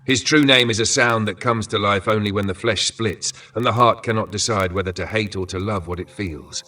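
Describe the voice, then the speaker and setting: A man voicing a frightened young male peasant prisoner in a dark fantasy story, stammering and pleading. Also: on the low side, brisk. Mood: confiding. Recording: voice from a distance with faint music.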